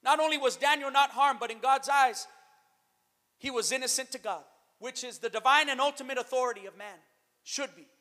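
Male pastor, high bright voice, sermon in a reverberant church. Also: a little fast. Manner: preaching, swings to shouted emphasis, calls out to the church. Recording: long reverb of a hall.

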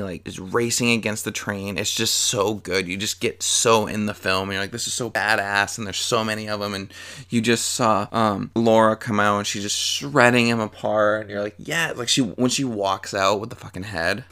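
A man's voice: fairly low pitch, a bit bright. A young man casually reviewing a movie, enthusiastic and rambling, with lots of fillers and restarts.

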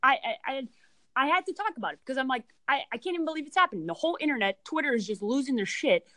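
A woman's voice: high-pitched, animated, rapid-fire, sharp tone, no room sound, low-quality recording. A woman co-hosting a casual sports podcast, ranting in an emphatic, exasperated way. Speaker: podcast co-host.

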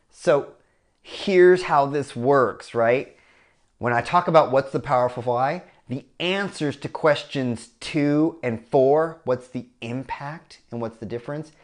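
Middle-aged male consultant, casual and profane, mid-pitched voice, tells stories and acts out the people in them. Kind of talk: storytelling talk.

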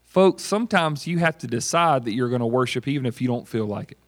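A man's voice: mid-range voice, expressive, quick pace. A man preaching a conversational sermon, acting out the voices he quotes. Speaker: pastor.

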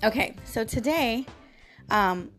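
A woman's voice: a little high, expressive, slow, a bit bright, soft background music. A woman hosting her own audio blog, venting to her listeners in an emphatic, frustrated way and speaking to them directly. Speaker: podcast host. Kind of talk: casual venting monologue.

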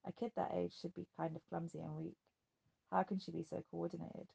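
A calm, curious young woman in an audiobook, read by a narrator. Her voice is husky with a gravelly edge. She asks her questions softly and sounds unafraid. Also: on the low side, a little fast, heavily acted. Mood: gentle. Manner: soft, questioning.

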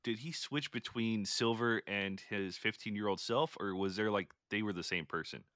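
A man hosting a podcast, chatting casually and calmly explaining things to his guest. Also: fairly low pitch, normal speed, no echo, studio quality. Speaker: podcast host. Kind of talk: casual interview chat.

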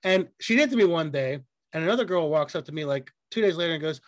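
A man with a fairly high voice co-hosts a casual podcast chat, recorded dry and close on the mic. He swears freely and tells animated stories, acting out the people in them. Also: fairly quick, no room sound. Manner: profane, animated storytelling with acted quotes. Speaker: podcast co-host.

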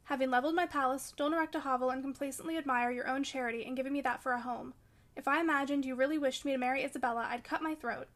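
A woman's voice: high-pitched, fairly even intonation, racing, fairly bright tone. A woman reading a bitter, growling young man. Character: brooding, vengeful young man.

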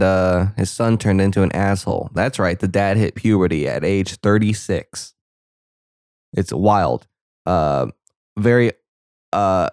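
A young man gives casual reaction commentary over a movie, full of sarcastic asides. His voice sits on the low side. The recording is dry and close, with no room sound. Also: a little mellow, no room sound.

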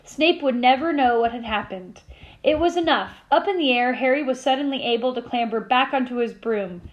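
A woman teacher reading a novel aloud to her class, with steady storytelling and small slips she corrects. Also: high-pitched, normal speed, highs cut off.

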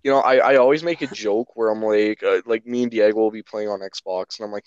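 Young dude rambling thru a story, clears his throat a lot, dry mic. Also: lowish voice, normal speed, no room sound, highs cut off. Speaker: podcast co-host. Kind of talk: casual chat among friends.

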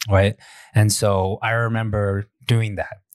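A man's voice: lowish voice, little pitch movement, slow pace, no room sound. Candid man telling stories, dry sound. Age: 40s. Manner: candid, self-deprecating storytelling. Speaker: podcast co-host. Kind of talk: casual chat.

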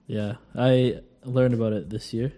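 A man's voice: medium pitch, fairly even intonation, mellow, soft background music. A man co-hosting a podcast in casual chat, cracking jokes and chiming in. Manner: joking, quick agreeing interjections. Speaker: podcast co-host.

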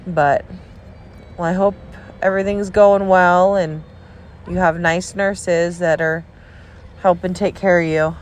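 A woman with a slightly low voice talks slowly into her phone, leaving a rambling, encouraging message for a friend. She sounds tired and stuffy, yawning between thoughts. A dog barks faintly in the background. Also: fairly even intonation, slight background noise. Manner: rambling and encouraging, trails off and restarts. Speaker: friend sending a video message. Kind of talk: casual recorded message to a friend. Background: dog barking.

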